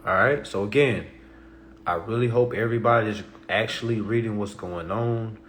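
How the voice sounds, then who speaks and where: This livestream host is a man who talks with emphasis in a casual setting, capping his remarks with "okay" and "all right." His delivery moves from subdued chatter to loud, lively bursts at a moderate pace, over a faint hiss or hum.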